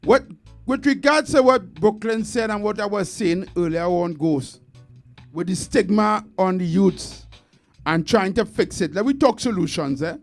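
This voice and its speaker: Trini host, slow deliberate talker, kinda high voice, soft music behind. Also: male voice. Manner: earnest, measured, lists points deliberately. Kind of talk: casual discussion.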